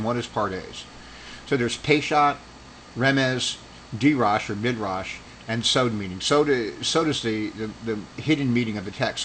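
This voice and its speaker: A man's voice: medium pitch, a bit bright, a little hiss or hum, low-quality recording. A man giving a casual religious commentary monologue, rambling and argumentative, with heated accusing stretches. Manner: rambling with restarts.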